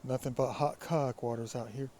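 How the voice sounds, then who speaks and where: A man with a raspy, allergy-stuffed voice, musing and rambling in a casual vlog by a creek. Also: mid-range voice, steady tone, moderate pace, mellow, a little hiss or hum. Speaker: vlogger. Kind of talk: casual walking vlog monologue. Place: outdoors by a creek.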